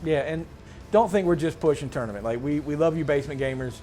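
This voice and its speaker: A man hosting a casual tabletop gaming chat, slangy and rambling, getting excited as he talks. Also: on the high side, quick pace, faint music behind. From Mid-Atlantic United States. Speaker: host.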